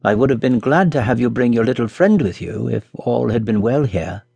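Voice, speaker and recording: A man reading as a gentle, apologetic mother in a children's story, softly regretful and slightly raised in pitch. His voice is gravelly and husky, dry and close. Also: expressive, normal speed, dry recording.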